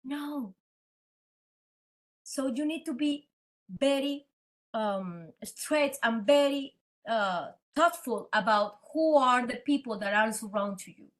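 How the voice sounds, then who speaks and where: A woman with a Spanish accent, a native Spanish speaker, telling her story as a guest in a podcast interview in an animated, dramatic way. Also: a little high, unhurried. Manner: animated, dramatic, acts out quoted dialogue. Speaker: guest entrepreneur.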